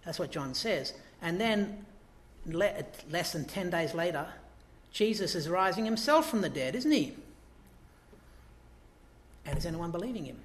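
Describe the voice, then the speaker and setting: A man's voice: high-pitched, sing-song, a little slow, pauses often. Chatty preacher man in an echoey church. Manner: conversational, asks rhetorical questions, acts out quotes. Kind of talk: sermon.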